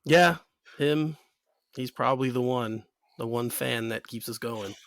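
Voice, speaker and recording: Give me a laid-back male podcast co-host with a mid-pitched, gravelly voice. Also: unhurried, fairly bright tone, no room sound, studio quality. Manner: laid-back, laughs often, rambling. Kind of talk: casual podcast banter.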